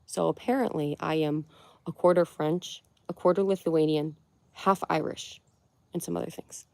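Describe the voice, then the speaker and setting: A young woman with a somewhat low-pitched voice hosts a relaxed livestream. She chats freely and giggles often as she answers her viewers' comments. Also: moderate pace, creaky, no echo. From Connecticut, USA. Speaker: livestream host. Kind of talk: casual livestream chat with viewers.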